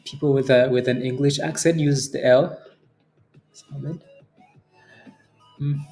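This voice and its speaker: A man hosting a day-trading livestream, chatting casually with viewers between market remarks, relaxed, with frequent fillers and chuckles. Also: medium pitch, brisk, soft background music. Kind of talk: casual livestream chat reading viewer comments.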